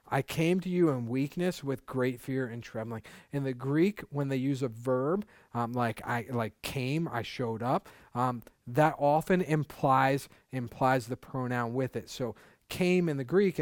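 A man's voice: mid-range voice, no room sound. A male pastor delivers a sermon in an open, conversational way, circling back and repeating words to press a point home. His voice sits in a middle register. The sound is close and dry, with almost no room around it. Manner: candid, conversational preaching with emphatic repetition.

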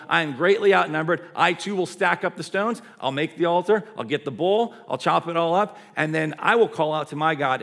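Bold taunting male prophet, emphatic, raised voice, as a man puts him on. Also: fairly high pitch. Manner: emphatic, challenging.

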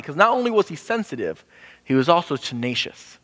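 Male preacher, animated storyteller who bursts high for quoted voices, hall echo. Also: brisk. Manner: animated, acts out quoted voices with sudden pitch jumps. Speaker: pastor. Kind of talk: sermon. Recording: hall with long reverb.

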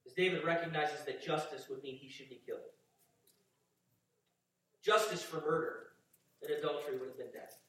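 A man's voice: on the high side, moderate pace, long pauses, pushed and bright. A man preaching a sermon, reading scripture and then building to fervent emphasis with repeated phrases. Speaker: pastor. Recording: echoey hall, distant mic.

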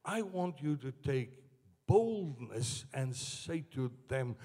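Man, sermon, high voice, slow deliberate delivery, builds to shouted peaks. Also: animated. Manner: builds from slow, low passages to shouted climaxes. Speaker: preacher.

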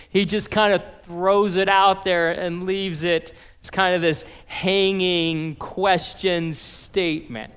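A man's voice: high-pitched, steady tone, a little slow, few pauses, a bit bright, smooth, in a large hall. A man preaching a sermon as pastor, conversational, acting out scripture dialogue in casual modern phrasing.

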